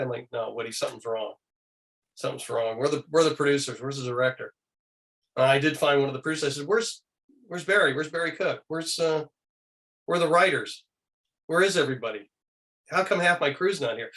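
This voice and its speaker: A man's voice: medium pitch, brisk, creaky, fairly bright tone. A middle-aged man, a guest on an interview show, telling anecdotes casually and acting out the people he quotes in shifting voices.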